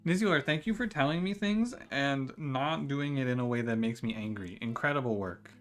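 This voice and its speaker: Bright-voiced man streaming a game. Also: medium pitch, brisk. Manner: chatty, swears freely, laughs while talking to chat. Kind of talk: casual live-stream chat. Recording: faint music behind the voice.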